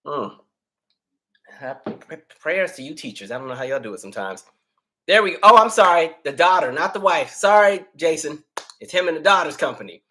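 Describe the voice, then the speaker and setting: A man's voice: on the high side, a little fast, slight background noise. Male host doing laid-back live chat with viewers, slightly winded, easygoing delivery. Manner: relaxed, chatty, reads viewer names aloud. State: out of breath. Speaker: livestream host. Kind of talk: casual livestream chat.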